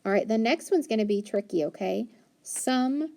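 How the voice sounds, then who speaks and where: A woman teaching a phonics lesson to young children, patient and encouraging, sounding out letters and words slowly. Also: medium pitch, animated, vocal fry, dark tone.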